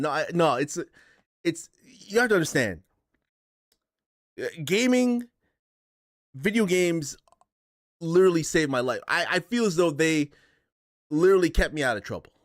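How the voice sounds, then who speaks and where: A man's voice: fairly high pitch, expressive, normal speed, pauses often, no echo, clean studio sound. A man hosting a casual live stream, rambling emotionally, swearing and reading chat aloud from his chair. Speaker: streamer host. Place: home stream setup in a chair.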